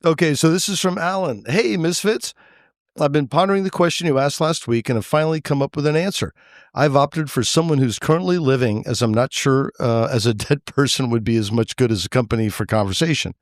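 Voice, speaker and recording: A man hosting a motorcycle podcast, reading out listener mail in a mid-pitched voice. He breaks off the letters with quick jokes. His voice is close and dry, with no room sound. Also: no room sound. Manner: jokey, reads letters aloud with asides. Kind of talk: casual podcast chat.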